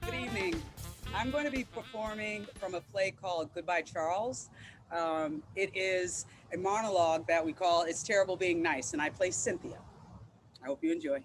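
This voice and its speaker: A woman's voice: on the low side, normal speed, faint music behind. A woman politely introducing the stage monologue she is about to perform.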